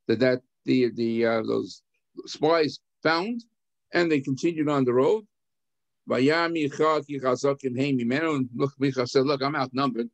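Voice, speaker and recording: An older man, a rabbi, teaching an adult class on a scripture text, reading phrases and explaining them with lively acted-out dialogue. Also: mid-range voice, no echo. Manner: animated, acts out the characters' lines.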